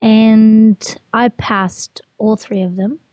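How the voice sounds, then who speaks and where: A woman's voice: on the high side, flat delivery, drawn-out words, mellow, no echo, highs cut off. A woman telling her personal story as an interview guest, earnest and repeating herself as she goes. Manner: earnest, repeats phrases, restarts.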